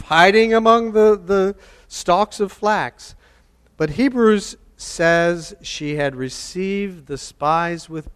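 Male preacher, slightly high voice, slow and emphatic, repeats key lines, long hall reverb. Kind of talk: sermon.

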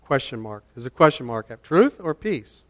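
A man preaching a sermon, deliberate in delivery and repeating key phrases for emphasis. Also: mid-range voice, sing-song, in a large hall.

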